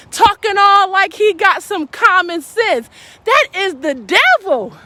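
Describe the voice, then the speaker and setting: A woman's voice: very high-pitched, bright, forceful tone, a little hiss or hum. A woman giving a fervent, preaching-style live stream talk, calling out to her audience as a faith speaker.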